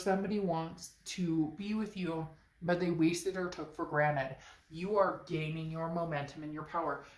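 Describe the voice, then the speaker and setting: A woman's voice: on the low side, reverberant. A woman with a stuffed-up nose giving a chatty, emphatic tarot reading straight to her viewers. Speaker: tarot reader.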